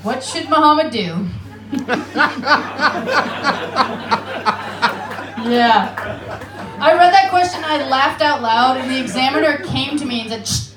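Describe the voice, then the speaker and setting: A woman's voice: sits high, lively intonation, slow pace, long pauses, roomy sound, noisy background. A woman from Alaska with an American accent doing a profane, self-mocking stand-up set in a comedy club. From Alaska, United States. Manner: brash, profane and self-mocking, with laughing asides. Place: comedy club stage in Amsterdam.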